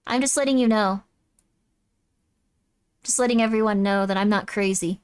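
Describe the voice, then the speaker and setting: A woman's voice: mid-range voice, normal speed, clean tone. A woman streamer chatting casually while playing, gushing and rambling with lots of apologies. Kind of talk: casual live-stream chat. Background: game music.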